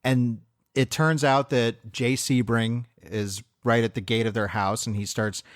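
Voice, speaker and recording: A man's voice: mid-range voice, fairly even intonation, unhurried, dry recording, clean studio sound. A man co-hosting a film podcast, eagerly retelling scenes with frequent laughter. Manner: enthusiastic retelling, laughs often. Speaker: podcast co-host. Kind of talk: casual film discussion.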